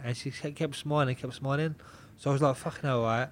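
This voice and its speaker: A young man, a boxer on a podcast, telling a story in casual chat. He swears in nearly every sentence, repeats himself and keeps the telling lively. His voice sits at an ordinary middle pitch for a man. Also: quick pace, a little hiss or hum. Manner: swears constantly, animated, repeats himself, laughs a lot. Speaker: podcast guest, pro boxer.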